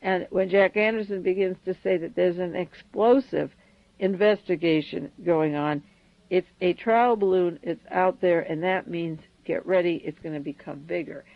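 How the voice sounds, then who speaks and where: A woman's voice: on the low side, normal speed, creaky, no room sound, highs cut off. A woman hosting a solo radio commentary, speaking urgently and rattling off long lists of names and events. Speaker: radio host.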